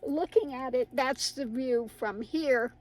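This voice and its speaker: Slow-talking, high-voiced chatty woman. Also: darkish tone, poor audio. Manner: rambling, chatty, laughs often. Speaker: tarot reader and channel host. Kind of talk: casual chat to viewers.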